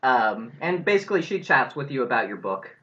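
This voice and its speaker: Laid-back game master, muffled lo-fi sound. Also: male voice, medium pitch, fairly quick. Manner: laid-back, chuckling, lively intonation. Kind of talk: running a tabletop role-playing game. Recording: muffled lo-fi recording.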